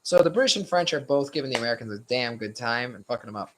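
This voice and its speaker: A young man running a relaxed study session, talking in a loose, rambling way with plenty of swearing and shrugging hedges. His voice sounds a bit worn and strained, and it sits at an ordinary middle pitch. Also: quick pace, a little hiss or hum, rough recording. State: slightly strained voice. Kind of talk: casual study-session lecture.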